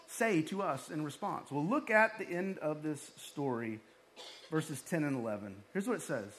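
A male pastor preaching a lively sermon, with joking asides and acted-out quotes. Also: a little high.

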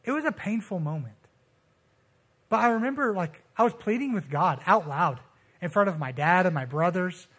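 A young man preaching in a relaxed, conversational way, his voice sitting high for a man. He tells stories with lots of slang and acts out the people he quotes. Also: normal speed. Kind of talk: casual sermon.

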